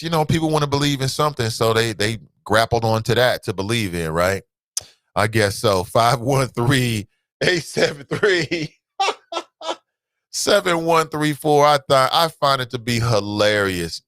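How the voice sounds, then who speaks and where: A man's voice: mid-range voice, normal speed, a bit bright, no echo. A man hosting a casual call-in talk show, mocking and laughing often, cursing and reading quotes aloud with exaggerated scorn. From United States.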